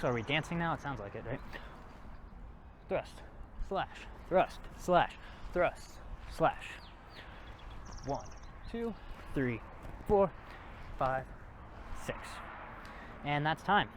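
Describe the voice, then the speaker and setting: A man's voice: fairly high pitch, animated, takes it slowly, long pauses, a little hiss or hum. A man teaching a martial arts class, counting reps aloud and explaining moves in a casual coaching way. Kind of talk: workout class instruction.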